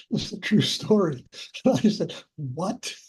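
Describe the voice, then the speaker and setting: An older spiritual teacher speaks slowly in a high-pitched voice with big pitch swings, a darkish tone and slight roughness. Answering questions, he tells personal stories chattily, laughs often and says "you know" a lot.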